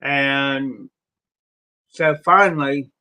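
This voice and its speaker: A middle-aged man telling a rambling, folksy story on a live stream, with pauses and restarts. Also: mid-range voice, fairly even intonation, bright, forceful tone, poor audio. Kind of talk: casual spoken storytelling.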